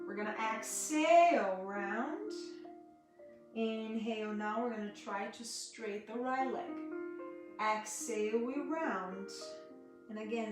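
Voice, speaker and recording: Slow, soft-spoken yoga teacher woman. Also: a little high. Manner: soft, slow cueing with chatty asides to viewers. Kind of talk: live-streamed gentle yoga class. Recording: echoey room, voice from a distance, guitar music behind.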